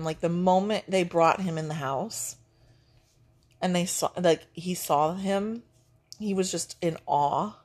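A middle-aged grandmother co-hosting a vlog chats casually over breakfast, gushing and using plenty of fillers. Her voice is lowish with a darkish tone.

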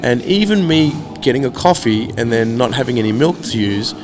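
A man telling a casual, animated story about staying at a hostel. He swears freely and acts out each side of the arguments he recounts. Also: medium pitch, normal speed, crowd noise.

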